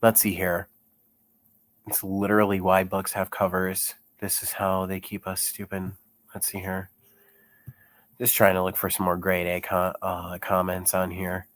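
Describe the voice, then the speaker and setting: A congested, sick young man reads viewer comments in his commentary vlog, chatting casually, chuckling frequently and rambling full of fillers. His deep voice is monotone, a bit bright, and a little slow.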